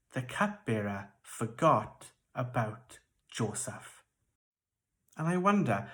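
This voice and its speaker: A children's church leader with a Welsh accent, telling a Bible story to kids in a playful, expressive way. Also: mid-range voice.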